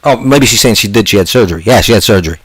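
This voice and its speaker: Fast-talking blunt low-voiced man. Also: expressive, a bit bright, breathy edge, no echo. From western New England, US. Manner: blunt, swears freely. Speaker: livestream co-host. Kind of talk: casual livestream chat.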